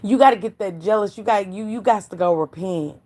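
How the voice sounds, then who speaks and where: A woman's voice: medium pitch, a little fast, mellow. Woman, mid-range voice, cussing live commentator who preaches at her viewers. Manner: blunt, profane, preachy, calls out chat viewers by name. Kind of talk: casual gossip commentary to live chat.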